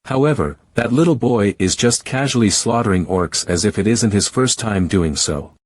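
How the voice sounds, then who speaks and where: A man giving a first-person story recap narration in a steady, even reading. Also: fairly low pitch, normal speed, no echo.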